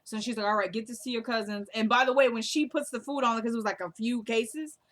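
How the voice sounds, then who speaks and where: A woman's voice: fairly high pitch, steady tone, fast, a bit bright. A young woman casually retelling a TV episode, acting out the characters' lines in a chatty way. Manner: chatty retelling with quoted dialogue. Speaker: recap host.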